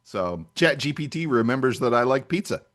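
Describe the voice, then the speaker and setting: A man's voice: mid-range voice, expressive, a little fast, a bit bright. A male podcast co-host in casual chat, chatty, laughing often and trailing off mid-sentence.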